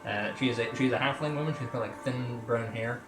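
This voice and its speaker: A man's voice: medium pitch, fast talker. A man narrating a tabletop game as game master, often stumbling and repeating words as he improvises. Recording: roomy, music behind.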